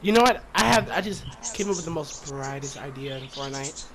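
A young man joking, swearing and yelling as he comments on a game with friends over a headset. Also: a little high, fairly quick. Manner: excitable, joking, swears, yells when excited. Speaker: gamer streaming with friends. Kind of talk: casual gameplay commentary. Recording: noisy game chat audio.

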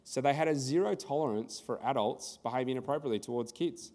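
A man's voice: medium pitch, fast, dark tone, long reverb tail. An Australian man presenting a conference workshop in a conversational style, telling anecdotes and acting out the dialogue.

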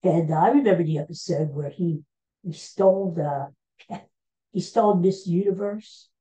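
A man's voice: high voice, unhurried, warm tone, rough recording. A man in his sixties hosting a podcast in casual chat, rambling and hesitant with many filler sounds. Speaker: podcast host.

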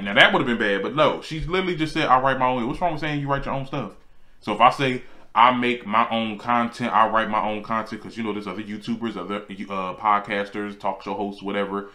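A man hosting his own celebrity gossip show, chatting casually and sassily, jumping up in pitch to make a point. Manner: animated and sassy, swings high for emphasis. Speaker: host.

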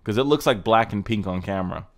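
A man's voice: lowish voice, quick pace. A man hosting a casual reaction video, ranting sarcastically and swearing as he mocks car clips. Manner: sarcastic, ranting, profane roasting.

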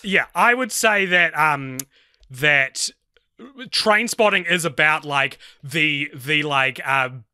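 A male podcast co-host chats loosely about a film, trailing into fillers. His voice is very bright and slightly high. The sound is close and dry. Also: slow, clear, resonant tone, dry recording. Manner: rambling, filler-heavy talk. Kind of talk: casual film discussion.

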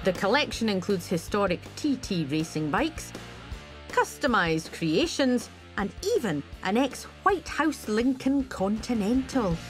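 A woman with a Glaswegian accent reading a light, wry scripted voice-over. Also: medium pitch. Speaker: TV presenter.

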